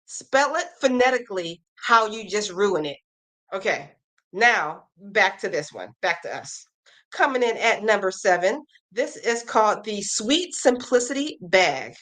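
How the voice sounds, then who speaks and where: A fairly high-pitched, slightly bright female voice hosts an easygoing crochet stream. Between chatting with viewers and reacting to comments she reads aloud, she gives upbeat rundowns of pattern blurbs.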